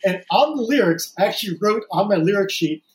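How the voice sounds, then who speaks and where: A man's voice: sits high, animated, roomy sound, poor audio. A man guesting on a podcast, telling anecdotes in casual conversation. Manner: chatty storyteller, quick anecdotes.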